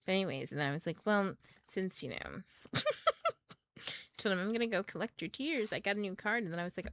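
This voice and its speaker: A woman's voice: medium pitch, expressive, fairly quick, fairly bright tone. A young adult woman hosting a book club stream, telling a story in a chatty way with many fillers and frequent laughs. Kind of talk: casual storytelling livestream.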